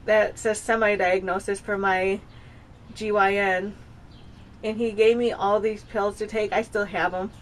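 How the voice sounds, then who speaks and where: A woman's voice: medium pitch, flat delivery, measured pace, a little hiss or hum. A woman in her thirties talking at home in a casual personal vlog, rambling and confessional, often circling back and restarting her sentences. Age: 30s. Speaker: vlogger. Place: home with dogs nearby.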